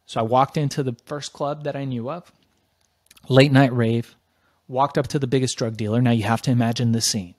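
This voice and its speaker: Animated middle-aged man telling a story. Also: mid-range voice, brisk, dry recording, clean studio sound. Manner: animated, emphatic, swears casually. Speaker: interview guest. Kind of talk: casual storytelling.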